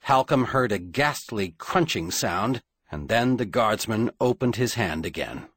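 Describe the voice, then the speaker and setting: Male audiobook reader, slow and dramatic, low husky voice with lively pitch. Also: no room sound, clean studio sound. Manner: measured, dramatic storytelling. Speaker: audiobook narrator. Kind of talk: scripted audiobook narration.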